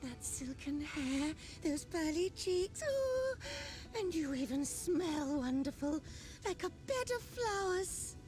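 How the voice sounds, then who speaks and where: A woman's voice: big pitch swings, a little mellow, soft background music, heavily acted. A gushing pampered noble lady. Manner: high tremulous gushing, drawn-out exclamations.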